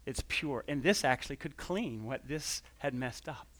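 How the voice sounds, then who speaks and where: A man's voice: medium pitch, animated, moderate pace, a bit bright, no echo. A man giving a conversational sermon as a pastor, telling a personal story with frequent restarts and quoted dialogue.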